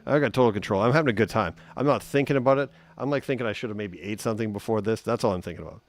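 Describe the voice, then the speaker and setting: A man giving a relaxed, chatty guitar lesson on a live stream, humming note sounds as he explains. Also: lowish voice, racing. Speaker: guitar teacher.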